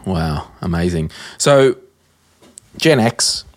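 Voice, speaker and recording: A man's voice: sits low, animated, slow, no room sound. A man hosting a money podcast, upbeat and teasing as he chats with his guest. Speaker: podcast host. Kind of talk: casual interview chat.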